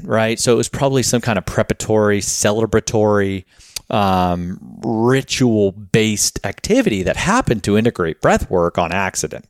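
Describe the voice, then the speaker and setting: A man talks through a casual podcast monologue, wandering from thought to thought with plenty of filler words. He sounds a little short of breath, and his voice sits a touch low. The recording is dry and close, with no room sound. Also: big pitch swings, normal speed, dry recording. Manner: rambling, frequent filler words. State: slightly out of breath. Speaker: podcast host.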